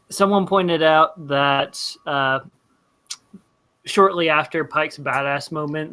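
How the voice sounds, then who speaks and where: A man hosting a casual panel chat, calling on each guest in turn. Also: mid-range voice. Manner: relaxed, chatty, calls on each guest in turn. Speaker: host of a fan panel show.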